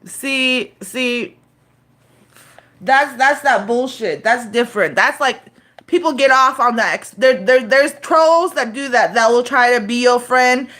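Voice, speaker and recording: A woman's voice: on the high side, slow, a bit bright. A woman in her thirties chatting casually on a live stream, loose and profane, rambling with lots of fillers and restarts.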